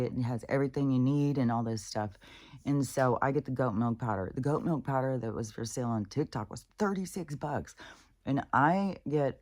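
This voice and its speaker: Very low-voiced woman ranting casually. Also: a little mellow. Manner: profane, rambling, with frequent restarts and laughs. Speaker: vlogger. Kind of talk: casual rambling monologue. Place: at home with her dogs.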